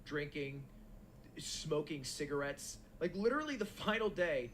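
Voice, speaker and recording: A young man telling a long, animated story in casual, profane chat as a stream co-host. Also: on the high side, measured pace, a little hiss or hum. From United States.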